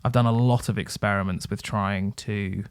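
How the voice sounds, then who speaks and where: A man's voice: on the low side, fairly even intonation, normal speed, clean tone, no room sound. A man co-hosting a music podcast, talking in a nerdy, enthusiastic way with frequent fillers. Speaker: podcast co-host. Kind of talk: casual music review chat.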